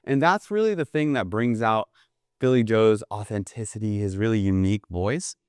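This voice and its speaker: A man teaches a jazz drum lesson in an instructional video, his smooth, resonant voice fairly low in pitch and recorded close and dry. He's casual and enthusiastic, dropping "right?" between examples as a drum kit plays in the pauses.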